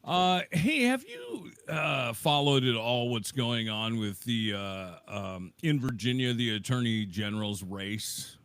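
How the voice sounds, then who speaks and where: A man co-hosting a casual chat who laughs easily and reacts warmly. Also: measured pace, hardly any pauses, clean tone, no echo. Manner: jumps up in pitch, laughs easily. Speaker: co-host.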